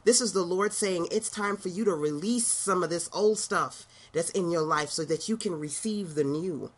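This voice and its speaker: A woman's voice: on the low side, normal speed, breathy edge. A middle-aged woman business coach giving a sassy, preachy motivational talk with slangy asides.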